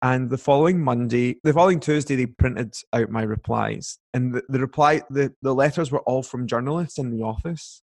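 A man's voice: mid-range voice, a little fast, vocal fry, hardly any pauses. A young man, a guest telling a long personal story in a casual chat, full of fillers and acted-out quotes. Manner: chatty, filler-heavy, acts out quoted voices.

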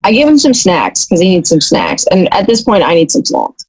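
A woman's voice: fairly low pitch, wildly swooping pitch, normal speed, darkish tone, slightly rough, low-quality recording. A woman playing her character in a tabletop role-play, talking casually and hesitantly. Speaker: player.

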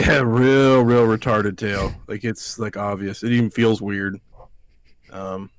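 A man's voice: fairly low pitch, steady tone, slow, no room sound. A man hosting a podcast, telling a rambling story in casual chat, swearing freely. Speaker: podcast host.

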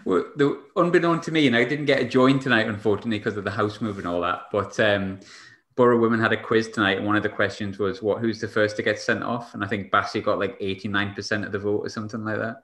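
A man's voice: lowish voice, fast, fairly bright tone. A man hosting a casual football podcast, chatting and laughing often. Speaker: podcast host. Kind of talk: casual chat.

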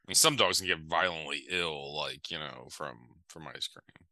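Brief: man, very low pitch, bright tone, dry wry co-host. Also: normal speed, no echo. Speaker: podcast co-host. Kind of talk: casual chat.

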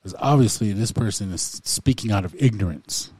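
A man with a low voice talks things through on a podcast. He is reflective and repeats phrases as he works out what he means. The recording is dry and close. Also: a little fast, darkish tone, slightly rough, no room sound. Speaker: podcast co-host. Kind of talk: casual podcast chat.

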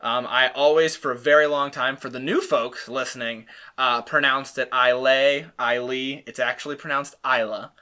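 A man hosts a casual podcast with a bright, clear tone. He talks in an easygoing, chatty way and explains things patiently, with frequent laughs. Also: medium pitch, steady tone, moderate pace. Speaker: podcast host teaching whiskey tasting.

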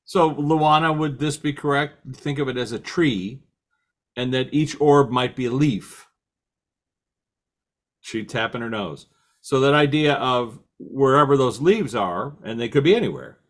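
A man's voice: medium pitch, animated, measured pace. Man hosting, asking long questions. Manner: asks long questions, restates the guest's points. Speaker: host. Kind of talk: casual interview chat.

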